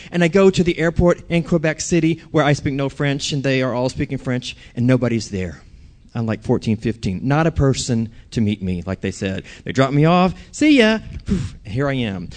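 A man's voice: on the high side, a little mellow. A man preaching a sermon, telling a personal story and asking the audience questions.

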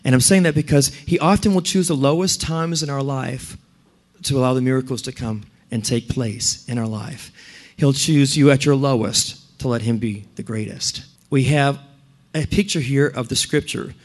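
A man who is a pastor, preaching a sermon and telling stories in an animated, emphatic way. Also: medium pitch, normal speed.

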